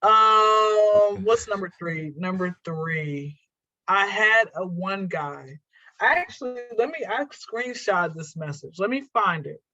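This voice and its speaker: A woman comedian guesting on a podcast, telling stories in a lively, animated way in casual chat. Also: slow pace, no room sound, dull audio. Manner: animated storyteller with big pitch jumps.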